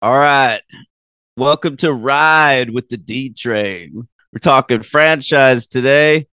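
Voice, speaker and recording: A man's voice: medium pitch, takes it slowly, sharp tone, slight background noise. A man hosting a film podcast in casual chat, teasing his co-host and blunt in his opinions.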